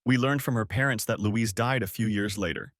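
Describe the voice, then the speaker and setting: A man narrating a first-person audiobook story in a steady, expressive way. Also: lowish voice, a little fast, dry recording, clean studio sound.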